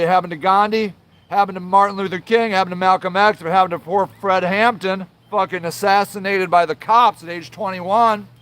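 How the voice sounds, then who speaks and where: High-voiced man on a profane rant. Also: a bit bright. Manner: angry, profane, swears constantly; apologizes then rants on, trailing filler sounds. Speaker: show host. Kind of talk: livestream rant to viewers.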